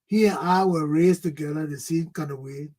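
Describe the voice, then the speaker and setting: A man with a fairly high voice tells a personal story as a talk show host. He is animated and keeps coming back to "oh, man", then turns into a lecture on parenting. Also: moderate pace, low-quality recording.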